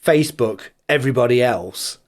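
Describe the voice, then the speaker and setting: Brief: male podcast co-host, mid-range voice, animated, teasing banter, does mocking impressions. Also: medium pitch, moderate pace. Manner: animated, mimics other people's voices for laughs. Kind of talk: casual chat.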